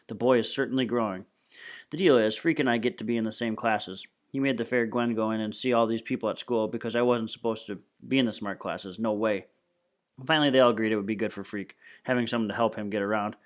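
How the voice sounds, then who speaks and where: A man reading a novel aloud at a steady, plain pace. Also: fairly low pitch, fast. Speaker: reader.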